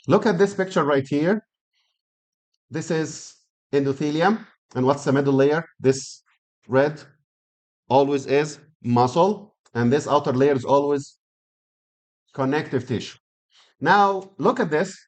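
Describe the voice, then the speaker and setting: A middle-aged male lecturer. He teaches anatomy in a classroom style, repeating key words and checking in with students through frequent questions. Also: a little high.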